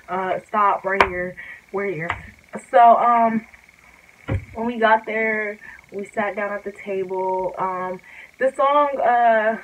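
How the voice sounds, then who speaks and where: A woman's voice: medium pitch, a bit bright, rough recording. Young woman rambling thru a storytime vlog, mid voice, lots of likes and ums, faint hiss behind. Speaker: vlogger.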